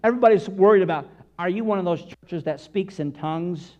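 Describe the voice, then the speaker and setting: A man preaching a sermon to his congregation, full of rhetorical questions and sudden shouted bursts. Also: high voice, fairly quick, highs cut off. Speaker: pastor.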